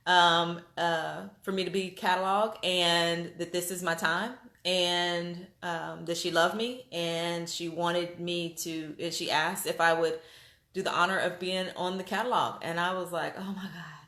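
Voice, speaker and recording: Excitable woman vlogger, roomy echo. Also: on the low side, a little slow. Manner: animated, excitable, many fillers and restarts. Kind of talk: casual storytelling to viewers.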